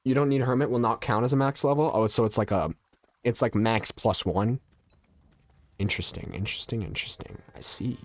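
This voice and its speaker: A man's voice: medium pitch, fairly quick. A man streaming a game and casually chatting with his viewers, with a stuffy, nasal voice from allergies and a loose, joking manner. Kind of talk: casual live-stream chat, answering viewers.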